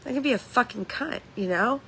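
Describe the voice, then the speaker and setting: A woman's voice: fairly high pitch, fairly quick, bright, forceful tone, slight background noise, rough recording. A woman hosting a casual livestream from home, talking candidly in a rambling way, swearing freely and laughing between lines. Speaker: livestream host.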